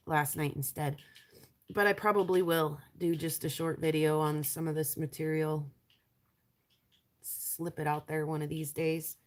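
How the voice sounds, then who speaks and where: A woman with a stuffy nose and a raspy voice from allergies, chatting casually on a live stream as she shows rocks and trails off with ums. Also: lowish voice. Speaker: lapidary showing rocks to viewers.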